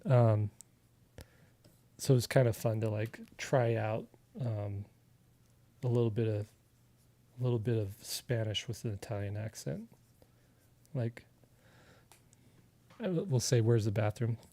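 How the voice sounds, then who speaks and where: A man from Arizona giving a relaxed, chatty digital art tutorial, talking as he works, with filler words and restarts. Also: fairly low pitch, measured pace, pauses often, dry recording. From Arizona, USA. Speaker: artist teaching a digital coloring tutorial. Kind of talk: casual live drawing tutorial.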